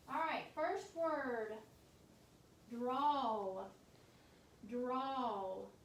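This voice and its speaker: A woman teacher leading a phonics dictation lesson, sounding out each word letter by letter in a slow, deliberate way. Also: on the high side, recorded from a distance. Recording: echoey room, voice off-mic, faint noise.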